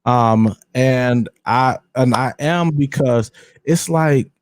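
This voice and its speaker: A man's voice: mid-range voice, takes it slowly, dry recording. A man hosting a podcast in casual conversation, talking candidly and emphatically with slang and repeated words. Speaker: podcast host.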